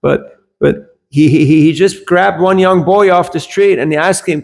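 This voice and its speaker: A man's voice: sits high, a little slow, vocal fry. A man giving a scripture class, telling anecdotes in a conversational way and often checking in with his listeners. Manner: switches briefly into German.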